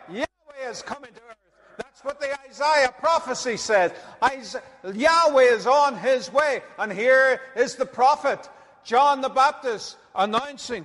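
A man's voice: very high-pitched, a little slow, a bit bright, long reverb tail. A male preacher giving a sermon to a congregation, chatty, with joking asides and chuckles. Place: church hall before a congregation.

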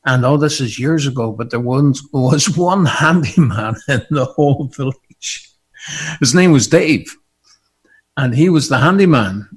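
A man preaching a sermon, animated and often laughing, building to fervent repetition. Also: mid-range voice, measured pace, breathy edge.

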